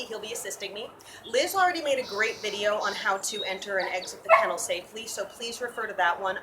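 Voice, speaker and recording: Woman volunteer trainer, soft and calm, explaining while she works, mic set back from her, faint noise and dogs behind. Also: mid-range voice, far from the mic. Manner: calm, gentle explaining with frequent restarts. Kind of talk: hands-on teaching demo. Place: inside a dog kennel at an animal shelter.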